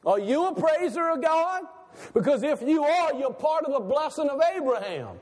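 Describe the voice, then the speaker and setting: High-pitched guy preaching, lots of questions and laughing, echoey hall. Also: moderate pace. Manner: animated preaching, rhetorical questions, laughs between lines. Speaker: pastor. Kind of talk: sermon. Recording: long hall reverb.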